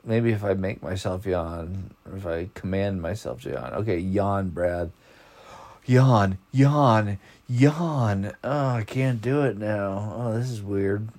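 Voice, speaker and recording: A man's voice: low voice, a little slow, few pauses, dark tone. Sleepy, laid-back male podcast host. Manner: laid-back surfer-style slang, rambling. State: yawning, sleepy. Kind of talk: casual podcast chat.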